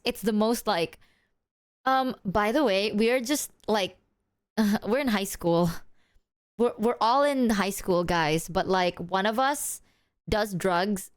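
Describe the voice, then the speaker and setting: A young woman streaming casually, rambling and excitable, swearing freely as she chats. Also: mid-range voice, smooth. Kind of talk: casual livestream chat.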